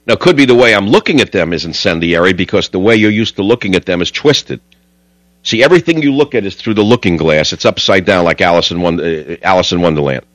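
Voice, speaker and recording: A man's voice: on the low side, fairly bright tone, no room sound, poor audio. A man hosting a talk radio show, rambling and combative in a studio.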